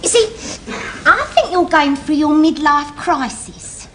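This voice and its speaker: A woman's voice: sits high, lively intonation, a little slow, fairly bright tone. An actress playing a chatty young manicurist, speaking to her father. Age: young adult. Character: chirpy young manicurist daughter, fond of her dad.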